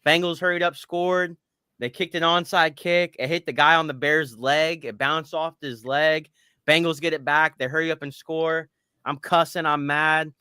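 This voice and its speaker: A man in his thirties co-hosting a casual sports podcast, telling animated stories and swearing casually. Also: a little high, normal speed, smooth, no echo, clean studio sound. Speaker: podcast co-host.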